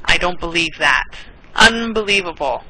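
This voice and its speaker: An American English tutor teaches an online class in a fairly low voice at normal speed. She is patient, repeats words and laughs often, and steady background noise with clicks runs under the recording.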